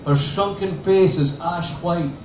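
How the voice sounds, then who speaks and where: A man reads his own novel aloud with a dry, sardonic edge. His voice sits a little high for a man. The sound is roomy and picked up from a distance, with faint ambience behind. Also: takes it slowly, a little hiss or hum. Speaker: author reading.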